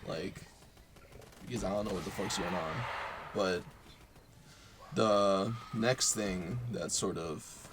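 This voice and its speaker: A young man talking unscripted about his own life, halting, with lots of fillers and casual swearing. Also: deep voice, background noise. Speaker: vlogger. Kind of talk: unscripted personal talk.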